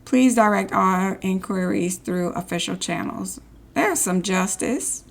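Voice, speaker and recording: A woman's voice: medium pitch, a little slow, vocal fry. A woman streaming a story game, reading in-game social posts aloud and adding sarcastic asides. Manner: sarcastic asides between read-outs. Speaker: gameplay streamer.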